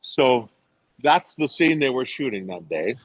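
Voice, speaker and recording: An older man from England, an actor guest on an interview show, telling a story in a lively, animated way. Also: measured pace, no room sound, dull audio. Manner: animated storyteller, jumps to high voices when quoting others. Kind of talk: casual anecdote telling.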